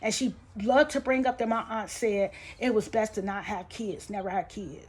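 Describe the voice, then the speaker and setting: Woman vlogger with a slightly raised pitch, venting emotionally about family in a loose, colloquial, rambling delivery that swings between heated and quiet. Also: fairly quick, hardly any pauses, slightly rough. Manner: rambling and heartfelt, with many restarts and fillers; voice rises and tightens when upset, falls soft and low when sad. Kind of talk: emotional personal storytelling to camera.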